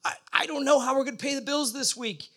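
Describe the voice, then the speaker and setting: A man's voice: very high voice, quick pace, fairly bright tone, pitched above the performer's own voice. A man voicing a worried woman who pleads aloud in prayer about how to pay the bills. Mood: pleading. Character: anxious woman praying aloud for help.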